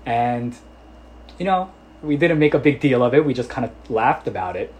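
A man's voice: medium pitch, animated, normal speed, darkish tone, poor audio. Earnest man preaching a story. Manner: conversational, full of "you know" fillers. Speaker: pastor. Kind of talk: sermon with personal story.

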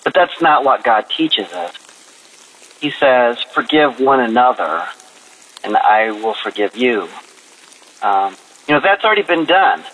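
A man's voice: mid-range voice, very animated, unhurried, long pauses, fairly bright tone, husky, low-quality recording. A man leaving an upbeat, earnest voicemail of encouragement. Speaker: caller.

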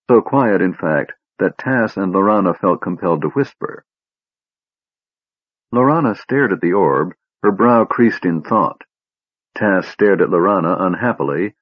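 A man with a very low, husky voice reads an audiobook in a grave, measured way. The recording is dry and a touch dull. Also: no room sound. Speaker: narrator. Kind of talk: audiobook narration.

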